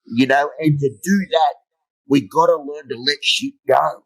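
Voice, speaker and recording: A man's voice: fairly high pitch, a little slow, low-quality recording. A middle-aged man, a motivational speaker, telling blunt, humorous stories in an interview and swearing freely. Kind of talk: storytelling interview.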